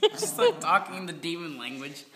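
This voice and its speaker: A woman's voice: on the low side, wildly swooping pitch, normal speed, a crowd in the background. A woman at home making offhand remarks to the side while the dogs are filmed. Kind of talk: casual home video chat.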